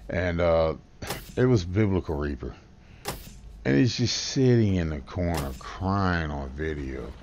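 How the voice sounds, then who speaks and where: A man with a low, heavy voice runs through a comedic roast story in a brash, crude, trash-talking way. A light hiss of background noise sits under his voice. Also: animated, a little slow, a little mellow, muffled recording. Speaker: guest youtuber.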